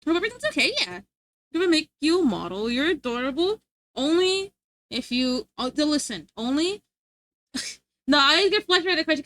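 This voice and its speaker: A woman's voice: sits high, moderate pace, long pauses, no echo. A young adult woman streaming live, giggling often as she chats casually with her viewers. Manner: giggly, animated, chatty. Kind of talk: casual chat reading live chat. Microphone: streaming mic.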